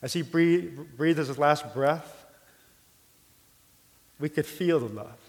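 A middle-aged man preaching a sermon, telling a personal story in an earnest, heartfelt way and sometimes dropping his voice soft. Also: fairly high pitch, slow pace. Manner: earnest storytelling, drops soft for quoted prayer. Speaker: pastor. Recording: long hall reverb.

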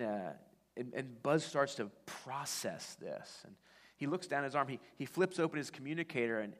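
A man's voice: medium pitch, a bit bright. A man preaching a sermon, telling a story conversationally with frequent restarts. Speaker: pastor. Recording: long church-hall reverb.

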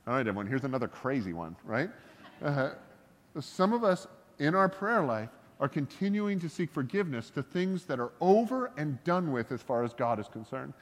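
A man's voice: mid-range voice, big pitch swings, moderate pace. A man preaching a sermon as a pastor, talking in a loose, conversational way with jokes and self-deprecating asides. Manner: conversational and joking, with laughs and asides. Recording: long hall reverb.

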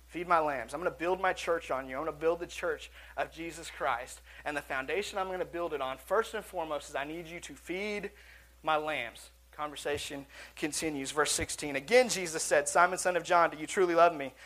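A man's voice: on the high side, a little fast, pushed and bright. A male pastor preaching a sermon in a church auditorium, earnest and conversational, with asides and restarts.

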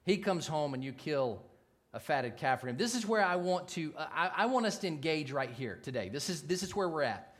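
A man preaching a sermon in a relaxed, conversational way, with jokes and frequent asides to the congregation. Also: a little high, fairly quick. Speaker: pastor.

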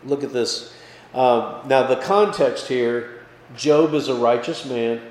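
A man's voice: medium pitch, takes it slowly. Pastor man teaching in an echoey hall. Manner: casual, checks in with listeners with frequent "okay?" and "right?"; lively, pushes his voice up for emphasis. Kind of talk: conversational Bible study teaching. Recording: echoey hall with faint background noise.

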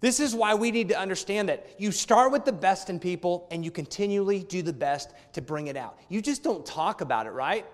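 A man's voice: high voice, animated, brisk, few pauses. A man in his thirties preaching a sermon as a pastor, conversational and weaving in personal family stories. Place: church hall. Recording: long hall reverb.

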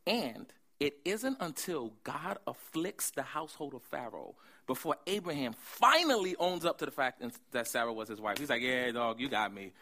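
A man preaching a sermon, animated, swinging from hushed asides to loud emphasis. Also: on the high side, normal speed, hardly any pauses. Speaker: pastor.

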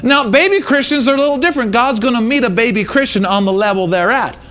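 A man preaching a sermon in church, emphatic and repetitive, now and then breaking into shouts. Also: extremely high pitch, fast talker. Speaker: pastor. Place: church sanctuary.

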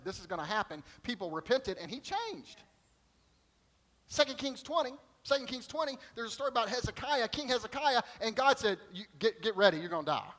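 A middle-aged man preaching a sermon, telling stories in an animated way and acting out quoted voices. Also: high voice, rough recording. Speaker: pastor.

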